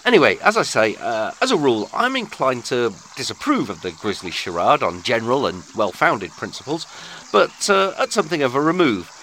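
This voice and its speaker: A man's voice: mid-range voice, huge pitch swings, brisk, pushed and bright, a little hiss or hum. A man with a British accent, hosting a podcast with a florid, sardonic scripted monologue. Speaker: podcast host.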